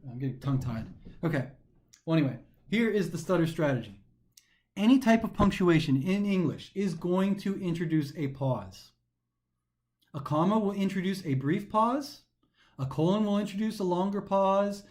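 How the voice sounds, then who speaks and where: A man teaching a recorded grammar lesson for a test, talking animatedly and slowing down to stress the pauses as he reads sentences aloud, sometimes tripping over his words. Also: sits high. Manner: animated, emphatic, slows down to stress pauses when reading aloud. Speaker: test prep instructor.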